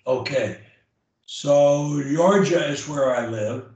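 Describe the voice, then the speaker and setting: A male speech coach talks slowly and bluntly, hammering his points home with repetition. His voice sits a bit high for a man. It sounds distant, caught in a very echoey room. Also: a little mellow, dull audio. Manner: blunt, emphatic, repeats key phrases. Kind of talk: one-on-one coaching session. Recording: echoey room, far from the mic.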